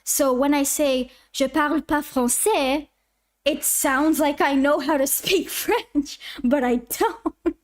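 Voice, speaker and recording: A woman's voice: sits high, takes it slowly. A twenty-year-old woman from Canada, a YouTube animator, chatting casually on a livestream as she answers chat questions in a rambling way. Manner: chatty, rambling, self-interrupting.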